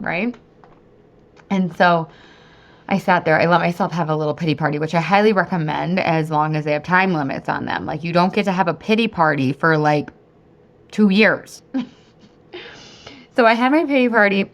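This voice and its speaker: A woman in her thirties hosts a casual podcast monologue as a weight-loss coach. Her voice sits a little low for a woman, and she talks in a chatty, animated way, swearing freely and laughing often. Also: moderate pace, creaky, long pauses.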